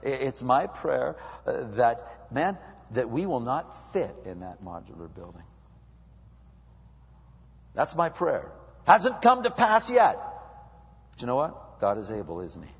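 Husky preacher in an echoing hall. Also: male voice, mid-range voice, measured pace, pauses often. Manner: animated, swings from loud to hushed. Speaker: pastor. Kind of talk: sermon. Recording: dull lo-fi recording with long hall reverb.

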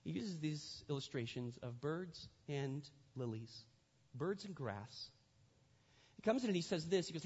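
A man's voice: a little high, expressive, a little slow, a little mellow, slightly rough. A male pastor delivering a sermon in a conversational way, repeating his phrases for emphasis, recorded in a church sanctuary. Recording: echoey hall, dull lo-fi sound.

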